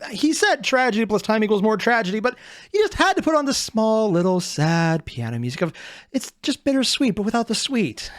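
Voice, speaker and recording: A reaction video host giving casual commentary, animated, thinking aloud and swearing often. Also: medium pitch, dry recording, clean studio sound.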